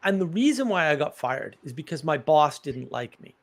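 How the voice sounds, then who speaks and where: Male stream host, fairly high-pitched, casual, explains ideas through examples. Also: very animated, normal speed. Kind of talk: casual live-stream talk.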